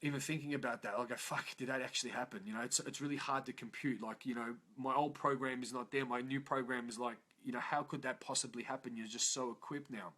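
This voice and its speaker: A man's voice: mid-range voice, steady tone, fast, hardly any pauses, pushed and bright. An Australian man telling his own story in a raw, emotional and profane confessional way. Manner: raw, profane, emotional, frequent "yeah?" tag questions. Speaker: motivational vlogger.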